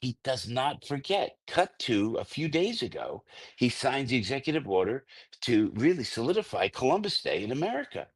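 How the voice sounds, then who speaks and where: An older radio host, a man, telling a story as a guest in an excitable, rambling way, full of restarts and stammers. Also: medium pitch, normal speed, husky. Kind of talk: phone-in radio interview, storytelling.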